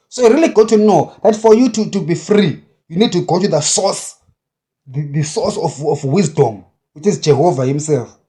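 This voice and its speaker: A man preaching with a high-pitched yet mellow voice. He drives his points home with blunt, repeated short phrases. His delivery is forceful and insistent. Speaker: self-described prophet. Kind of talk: impassioned preaching monologue.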